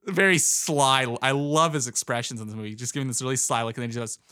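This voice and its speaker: A man's voice: mid-range voice, fast, sharp tone, clean tone, dry recording, studio quality. A man casually recapping a movie plot in a chat, rambling with lots of fillers. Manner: rambling retelling with many fillers.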